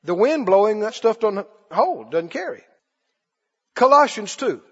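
A man's voice: sits high, sing-song, unhurried, fairly bright tone, husky. A man preaching a sermon, emphatic and repetitive, calling on the congregation to answer back. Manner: emphatic, repeats phrases, calls for congregation response. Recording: dull lo-fi with long hall reverb.

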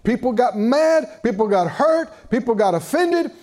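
Preaching a sermon, a man uses a high, animated voice whose pitch swoops for emphasis. He drives his points home slowly, calls on the congregation to respond, and interjects with chuckling asides.

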